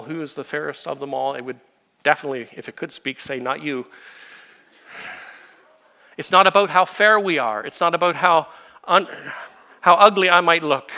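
A man preaching a sermon, explaining scripture with everyday illustrations and rhetorical questions, swinging from quiet asides to fervent emphasis. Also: on the high side. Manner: expository preaching, builds to impassioned emphasis then drops to quiet. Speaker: pastor.

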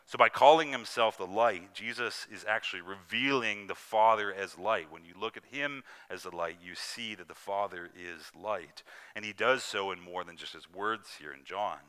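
A man preaching an earnest, emphatic sermon, slowing down to stress scripture quotes. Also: fairly low pitch, pushed and bright.

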